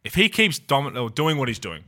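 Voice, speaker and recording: A man's voice: medium pitch, big pitch swings, fairly quick, bright, forceful tone. A man co-hosting a basketball podcast, talking in an emphatic, opinionated way. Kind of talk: casual sports chat.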